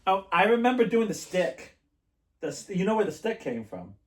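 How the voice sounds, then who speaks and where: With a high, very animated voice at a moderate pace, a man hosting a podcast spins rambling stories and laughs a lot during casual chat. The mic is far away, in a room with plenty of echo.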